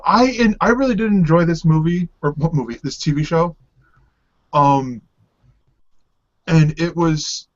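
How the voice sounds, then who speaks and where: A man co-hosting a casual podcast about TV, easygoing and full of hesitant fillers. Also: fairly high pitch. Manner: hesitant, many ums, easygoing, laughs often. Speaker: podcast co-host. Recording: dull lo-fi sound.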